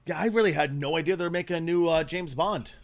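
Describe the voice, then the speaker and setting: A man hosts a casual livestream and reacts to clips in a blunt, opinionated way, swearing freely. His voice sits a little high for a man. He often stalls mid-sentence while hunting for a name. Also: fast talker, vocal fry. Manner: trails off searching for names. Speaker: livestream host.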